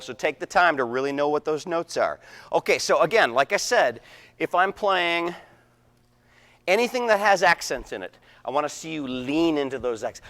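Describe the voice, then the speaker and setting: A man's voice: a little high, expressive, normal speed, fairly bright tone. A man conducting a wind band rehearsal, counting off and singing rhythms aloud. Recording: echoey hall.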